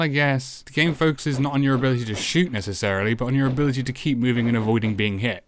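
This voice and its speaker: A man narrating a retro game review in a sarcastic, profane way, swearing often. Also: medium pitch.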